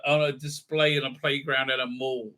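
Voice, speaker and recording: A man's voice: level tone, a little fast, lightly acted. A man muttering as a sheepish stone statue. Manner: low, quiet, apologetic muttering. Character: sheepish stone crocodile statue, male, harmless.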